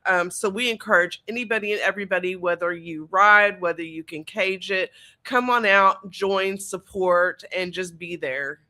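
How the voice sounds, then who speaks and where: A woman's voice: mid-range voice, normal speed, sharp tone. A woman in a casual panel chat, steadily listing event details with fillers. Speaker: event organizer.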